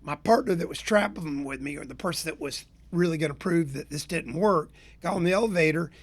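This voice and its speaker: Fairly quick and full of folksy energy, a Florida man from around Tampa, a consultant who hosts a show, rants about sales with a fairly high voice. Along the way he acts out the people in his stories for listeners.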